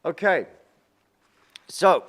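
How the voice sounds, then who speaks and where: A man's voice: drawn-out words, a bit bright. A man hosting a casual painting livestream, chatty and upbeat, often repeating words, with a self-deprecating manner.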